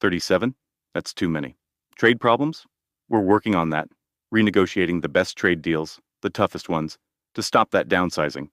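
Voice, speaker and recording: A man's voice: sits low, moderate pace, a bit bright, no echo, clean studio sound. A man reading the lines of a blunt, boastful older male president, in a direct manner full of superlatives. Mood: insistent.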